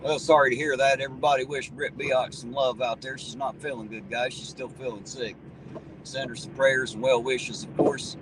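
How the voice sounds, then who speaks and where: A man's voice: medium pitch, fairly even intonation, normal speed. Folksy man, distant mic, traffic. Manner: folksy, swears casually, chuckles often. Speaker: livestream host reading chat. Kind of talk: casual livestream chat.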